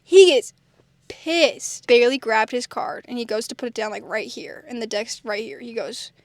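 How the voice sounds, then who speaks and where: A young woman casually telling a family story and jumping way up in pitch when she quotes people. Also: moderate pace, no room sound. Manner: animated, jumps high when quoting others.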